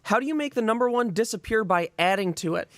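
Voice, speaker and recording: A man with a high voice co-hosts a casual chat podcast. He rambles and often drops a sentence halfway to start another. The sound is close and dry, with no room around it. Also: animated, quick pace, fairly bright tone, no room sound. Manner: rambling, trails off mid-sentence. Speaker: podcast co-host.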